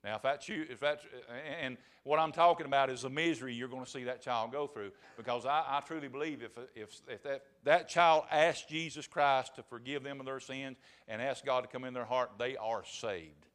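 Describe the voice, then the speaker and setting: A man's voice: mid-range voice, normal speed, few pauses, fairly bright tone. Folksy preacher man. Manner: folksy, emphatic storytelling. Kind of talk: sermon.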